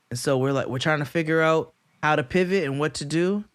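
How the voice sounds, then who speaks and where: A man co-hosting a podcast, telling a long story in casual chat, acting out quotes in high voices and laughing often. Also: animated, moderate pace, dry recording, studio quality. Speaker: podcast co-host.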